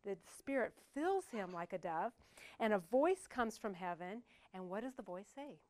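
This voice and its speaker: A woman's voice: medium pitch, animated, normal speed, a little mellow. Older woman preacher, conversational sermon with humorous asides. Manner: conversational, joking asides to the congregation.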